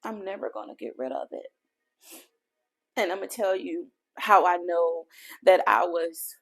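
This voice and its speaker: A woman podcast host telling a personal faith testimony in an earnest, heartfelt way, speaking directly to her listeners. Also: mid-range voice.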